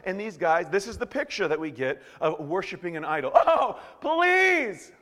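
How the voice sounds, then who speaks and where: A man preaching a sermon in an animated way, swinging from hushed to loud. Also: fairly high pitch, brisk, big-room sound. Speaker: pastor.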